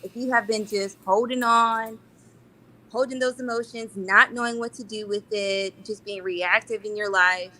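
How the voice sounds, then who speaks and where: A woman guest, a Reiki and sound therapy practitioner, speaking gently and sweetly in a casual interview, warmly encouraging. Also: mid-range voice, steady tone, moderate pace.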